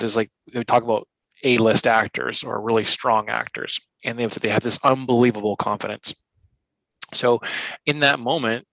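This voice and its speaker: A man coaching people on handling pressure, talking with energy and slipping into little acted-out voices as he explains. His voice is bright and forceful. The sound is dry and close, with no room echo. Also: medium pitch, gravelly. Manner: energetic, acts out little scenes in quoted voices. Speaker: speaker and coach. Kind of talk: interview answers, coaching advice.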